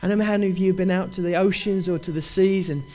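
High-voiced man preaching a fervent sermon. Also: fairly even intonation, rapid-fire, mellow. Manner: reads scripture aloud with rising emphasis; fervent, repetitive preaching cadence.

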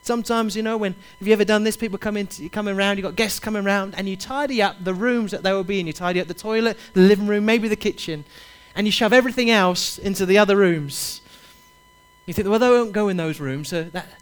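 A man's voice: sits high, quick pace, clear, resonant tone. A man preaching a sermon, urging his listeners directly and repeating his key phrases with passion. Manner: impassioned, repetitive, urges listeners directly.

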